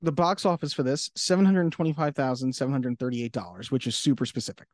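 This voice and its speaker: A man's voice: medium pitch, fast, dry recording, studio quality. A man co-hosting a podcast in casual chat, laughing often and acting out quotes. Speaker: podcast co-host.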